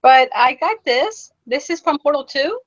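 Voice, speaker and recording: A bubbly, chatty woman with a fairly high voice, talking casually as a podcast co-host. The audio is a little muffled and dull. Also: animated, measured pace. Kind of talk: casual chat.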